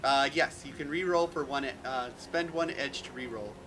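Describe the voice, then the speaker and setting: A man's voice: medium pitch, moderate pace, low-quality recording. A man running a tabletop game as game master, stammering and repeating words as he narrates.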